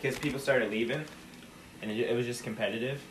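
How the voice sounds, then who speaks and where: A young man chatting casually with friends, telling an animated story and acting out what his friends said. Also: medium pitch, quick pace, slight background noise. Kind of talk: casual chat.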